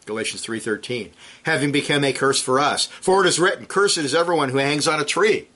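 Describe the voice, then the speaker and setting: Male preacher, bright, tense tone, forceful sermon delivery with sharp swings in volume. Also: brisk. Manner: forceful preaching, swings between loud emphatic peaks and low drops; clears throat now and then.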